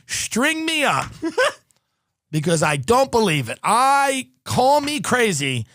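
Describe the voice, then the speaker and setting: A giddy male prisoner gushing with rapture and mock-solemn grandeur, as a comedian puts him on. His voice sits high for a man and sounds close and dry. The delivery is wildly over-the-top. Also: big pitch swings, slow pace, fairly bright tone, dry recording, heavily acted.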